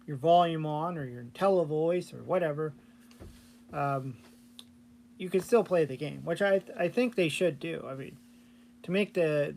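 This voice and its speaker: A vlogger and hobby game programmer chats casually on his channel about programming old console games. His voice is a little high with a darkish tone, and he rambles with plenty of fillers and restarts over slight background noise.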